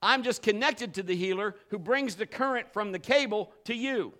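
A man preaching and telling a personal story, animated, swinging from shouts to hushed storytelling. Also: high voice, normal speed. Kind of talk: sermon with personal testimony.

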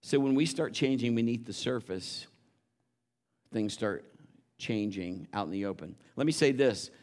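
A man preaching a sermon, telling a story and rising into loud exhortations. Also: lowish voice, unhurried.

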